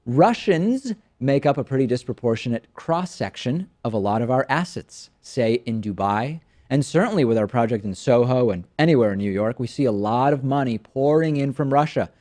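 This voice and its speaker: A man's voice: medium pitch, lively intonation, moderate pace, few pauses, darkish tone. Sarcastic man reading political commentary. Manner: sarcastic, reads quotes with mocking emphasis.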